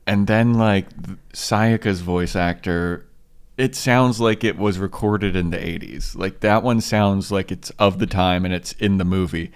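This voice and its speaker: A man's voice: low-pitched, fairly even intonation, measured pace, smooth. A man co-hosting a podcast, chatting loosely with plenty of swearing. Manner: loose and profane, says dude. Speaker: podcast co-host. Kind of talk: casual chat.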